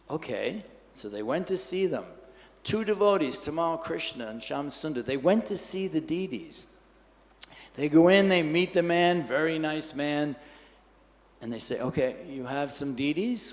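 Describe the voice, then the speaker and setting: Guy telling a story in a temple class, kinda gravelly, a bit high, echoey hall. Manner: lively storyteller acting out quotes. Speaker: class speaker.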